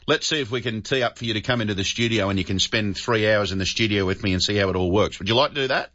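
Bright-voiced Australian radio host. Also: male voice, fairly low pitch, quick pace, highs cut off. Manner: chatty, friendly, says mate often. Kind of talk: talkback radio chat.

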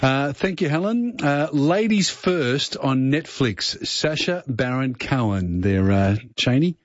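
A man's voice: medium pitch, expressive, slow pace, dry recording. A man hosting a radio show, chatting about movies in a rambling, casual way. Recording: muffled radio broadcast.

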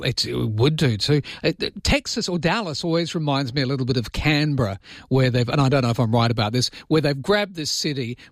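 An Australian man hosts overnight talkback radio in a chatty, friendly way. His voice sits at an ordinary middle pitch. The studio sound is close and dry. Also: no echo. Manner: warm, chatty, calls callers "my friend". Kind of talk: late-night talkback radio chat. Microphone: studio microphone.

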